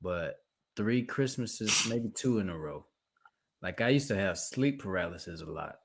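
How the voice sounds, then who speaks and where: A young man in casual chat, telling a story animatedly and acting out scenes with loud outbursts and laughter. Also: deep voice, lively intonation, measured pace, vocal fry, noisy background.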